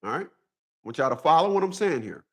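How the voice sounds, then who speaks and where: A man's voice: a little high, big pitch swings, a little fast, a bit bright. A man talking straight to his viewers in a casual monologue, profane and repetitive, with a preachy storytelling manner. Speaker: vlogger.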